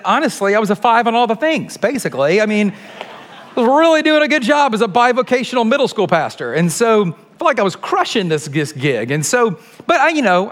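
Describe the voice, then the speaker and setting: A pastor in his forties preaching in a sermon, telling a self-mocking story with animated delivery and many restarts. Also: sits high.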